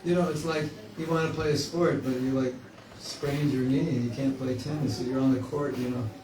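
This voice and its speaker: A man's voice: medium pitch, steady tone, a little fast, recorded from a distance, a crowd in the background. A man giving a spiritual class in a conversational, joking way, often acting out inner voices. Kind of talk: informal spiritual class talk. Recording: echoey room, mic from afar, faint hiss.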